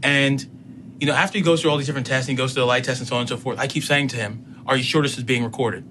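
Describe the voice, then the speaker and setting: A man in his thirties, a councilman and student, telling a personal story in an interview in a measured way, quoting what was said. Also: mid-range voice, fairly even intonation, pushed and bright, slight background noise. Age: 30s. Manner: measured, recounting events with quoted dialogue.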